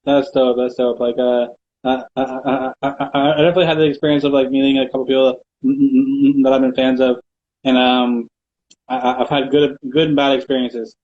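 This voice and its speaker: A man's voice: mid-range voice, little pitch movement, fairly quick, dull audio, slight background noise. A man hosting a casual interview, stumbling and repeating words many times. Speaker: interview host.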